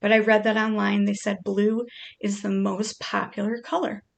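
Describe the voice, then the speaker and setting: A woman's voice: mid-range voice, level tone, normal speed, creaky. A woman chatting playfully to her pet, reading out odd facts in a casual, joking way.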